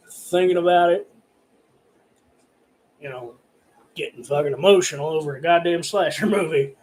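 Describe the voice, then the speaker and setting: Man with a slightly high voice for a horror-review vlog, cussing constantly and wandering off track. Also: normal speed, pauses often, a little mellow, low-quality recording. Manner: heavily profane, rambling, filler-laden. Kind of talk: rambling casual rant to camera. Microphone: camera recording himself.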